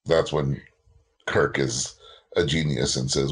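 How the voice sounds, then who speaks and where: A man's voice: very deep voice, steady tone, slow, breathy edge. A man co-hosting a casual movie podcast, making wry quips about what is on screen. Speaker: podcast co-host. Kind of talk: casual movie-review chat.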